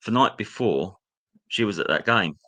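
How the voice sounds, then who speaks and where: Bright-voiced man telling his story. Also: fairly low pitch, expressive, normal speed. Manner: candid, reliving memories, acts out a teacher's sneering voice. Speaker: guest. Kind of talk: personal storytelling.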